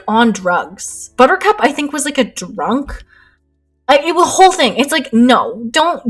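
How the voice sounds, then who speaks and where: A young woman chatting while she paints, with a slightly high, breathy voice. She rambles, gets worked up and laughs a lot. Soft lo-fi music plays faintly behind her. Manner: excitable, rambling, laughs often. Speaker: art streamer. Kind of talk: casual chat while painting live.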